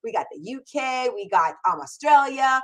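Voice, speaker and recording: Energetic middle-aged woman hosting a live Q&A. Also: high-pitched, moderate pace, poor audio. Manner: energetic, enthusiastic, repeats words for emphasis. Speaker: host. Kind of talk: live-streamed Q&A. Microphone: camera mic on a livestream.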